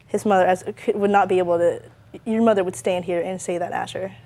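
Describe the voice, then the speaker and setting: A woman's voice: lowish voice, steady tone, fast talker, warm tone. A woman giving testimony as a defendant on a TV court show, telling her side defensively with many restarts.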